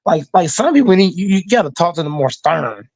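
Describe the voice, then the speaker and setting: A man's voice: high voice, sing-song, a little fast, creaky, a little mellow. A man hosting a casual sports reaction show, ranting emphatically and with heavy profanity. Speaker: host reacting to football news.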